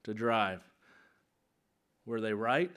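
A man in his thirties, a pastor preaching a sermon in an animated, conversational way. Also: fairly low pitch, takes it slowly, smooth.

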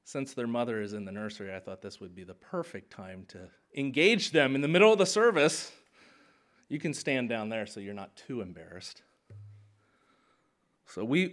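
Lively-voiced preaching man. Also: on the low side. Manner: animated, conversational preaching with rising emphasis. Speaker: pastor. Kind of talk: sermon.

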